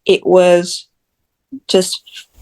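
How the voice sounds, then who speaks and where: A woman's voice: lowish voice, monotone, extremely slow, a little mellow, clean tone. A woman from Jamaica, a guest in an interview, talking candidly and bluntly with self-deprecating humor. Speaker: guest, social media creator.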